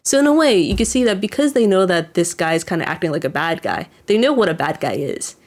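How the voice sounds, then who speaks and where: Rambling woman with a lowish voice. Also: animated, fairly quick. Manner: rambling, lots of "like" and restarts, chuckles while describing scenes. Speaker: anime reaction commentator. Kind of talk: casual reaction commentary.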